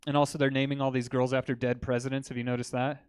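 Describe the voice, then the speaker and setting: A man doing a stand-up comedy set in a comedy club, telling crude jokes with deadpan delivery and bantering with the crowd. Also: mid-range voice, fast, clean tone, no room sound.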